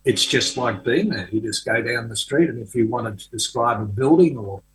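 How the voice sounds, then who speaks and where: An older man, a writer being interviewed, recounting an anecdote in a relaxed, conversational way with frequent ums and restarts. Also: mid-range voice, moderate pace, rough recording. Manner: hesitant, many fillers and restarts. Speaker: author guest. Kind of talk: conversational storytelling.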